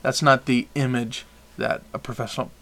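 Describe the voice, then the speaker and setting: A man's voice: medium pitch, level tone, normal speed, a bit bright. A man hosting a podcast, chatting casually and rambling through opinions with frequent restarts. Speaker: podcast host. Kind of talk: casual chat.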